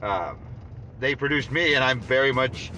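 A man's voice: medium pitch, normal speed, sharp tone, slight background noise. A man hosting a podcast, chatting casually and rambling, swearing freely. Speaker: podcast host.

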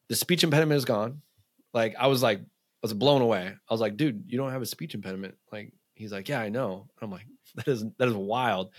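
Clean studio audio with no echo captures a men's coach of medium pitch. On a casual podcast he tells animated tales, heavy on "like" and acted-out dialogue.

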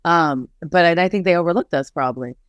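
A woman's voice: on the low side, a little fast, dry recording, dull audio. A middle-aged woman, a basketball head coach, talking candidly in an interview, telling stories animatedly with lots of "like" and acted-out quotes. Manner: animated storytelling, frequent "like" fillers, acts out quotes.

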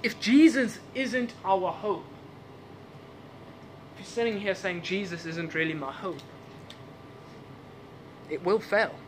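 Male preacher, non-native english speaker, high voice, animated sermon, faint rumble behind. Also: slow, pauses often. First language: not English. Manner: animated, laughing asides, repeats rhetorical questions. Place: church service.

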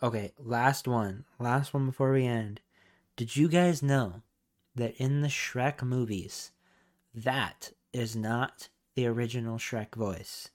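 A man's voice: mid-range voice, takes it slowly. A man hosting a casual podcast, rambling with lots of fillers and swearing freely. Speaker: podcast host.

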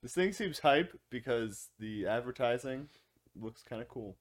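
A man's voice: mid-range voice, lively intonation, unhurried. A man co-hosting a casual podcast, cracking jokes and laughing. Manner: laughing, wisecracking. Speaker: podcast co-host. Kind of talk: casual group chat.

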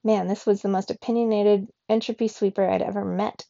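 A woman reading a children's novel aloud in the first person, expressive, giving the characters their own voices. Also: medium pitch, a little fast, creaky, dry recording. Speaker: reader. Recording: dull lo-fi recording in a dry room.

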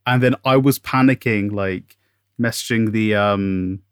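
A man co-hosting a podcast in casual chat, speaking haltingly with many pauses. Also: fairly low pitch, clear, resonant tone, no room sound, clean studio sound. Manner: halting, full of fillers and restarts. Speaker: podcast co-host.

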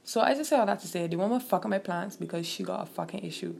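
Young woman, vocal fry, casual storytime rant, emphatic and profane. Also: medium pitch, fast, darkish tone, slight background noise. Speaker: vlogger.

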